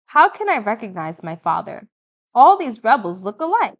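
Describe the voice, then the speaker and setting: A woman narrating an audiobook in the first person, with measured, vivid storytelling. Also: medium pitch, big pitch swings.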